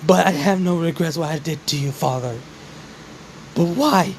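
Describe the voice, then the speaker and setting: A man's voice: a little high, normal speed, slight background noise, lightly acted. A man voicing a distressed teenage boy hero with dragon powers, pleading and crying out in a fan-made story. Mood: remorseful. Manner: choked, pleading, rising to cries.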